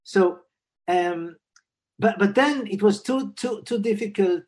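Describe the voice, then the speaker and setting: A man in his sixties, a psychiatrist and Jungian analyst, telling a personal family story in a thoughtful, unhurried way, often repeating words as he goes. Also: sits high, a little mellow.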